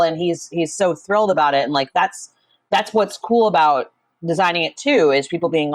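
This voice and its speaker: Gushing low-pitched woman, dry sound. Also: moderate pace, no echo. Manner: enthusiastic, gushing, many fillers. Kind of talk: casual podcast chat.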